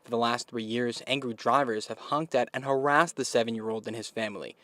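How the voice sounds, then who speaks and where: A man's voice: mid-range voice, no echo. Man reading a news report. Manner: measured, even delivery. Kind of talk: scripted news narration.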